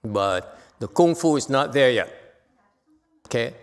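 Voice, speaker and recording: A man's voice: mid-range voice, animated, a little slow. An older man giving an unscripted dharma talk as a Buddhist teacher, blunt and exhorting, often checking in with "okay?". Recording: long reverb from a hall.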